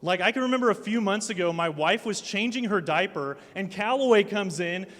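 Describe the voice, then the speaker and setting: A high-voiced man in his thirties preaches to students, spinning funny, self-mocking family stories into his message. His voice echoes through a large hall with long reverb, and a live audience is in the room. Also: a little fast. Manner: animated, self-mocking storyteller. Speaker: speaker at a student ministry night. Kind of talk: sermon with personal stories.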